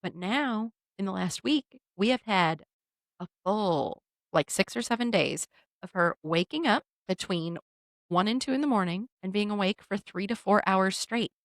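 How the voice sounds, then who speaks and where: A woman's voice: medium pitch, normal speed. A woman co-hosting a casual podcast, telling stories about her young children. Her mid-range voice swoops up and down as she acts out what people said. The sound is close and dry, with no room echo. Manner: animated storyteller who acts out quotes. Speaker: podcast co-host; mother of two young children.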